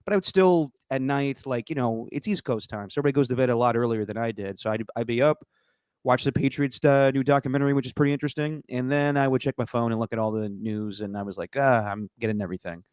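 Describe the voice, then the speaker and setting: A man co-hosting a sports podcast, jokey and excitable, stumbling over his words. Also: mid-range voice, fast, clean tone, no echo, studio quality. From Italian heritage. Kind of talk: casual chat.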